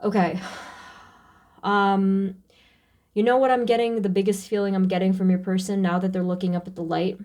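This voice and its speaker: A woman reads tarot cards in a loose, casual way. She stops and restarts often, full of fillers and feeling. Her voice sits in a middle pitch with a mellow, warm tone. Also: level tone. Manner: emotional, halting, many fillers and restarts. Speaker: tarot reader. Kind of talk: casual channeling tarot reading.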